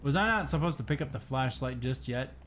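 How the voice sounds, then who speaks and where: A man's voice: mid-range voice, expressive, a little fast, a bit bright, a little hiss or hum. A young man playing a horror game, joking to himself and breaking into jumpy outbursts, sounding tired. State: tired, yawning. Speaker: gaming streamer. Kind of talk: horror game let's play commentary.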